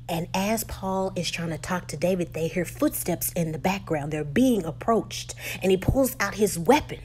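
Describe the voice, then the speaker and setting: A woman recapping a film in a conversational, animated retelling. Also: lowish voice, normal speed, few pauses, a little hiss or hum. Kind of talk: casual movie recap.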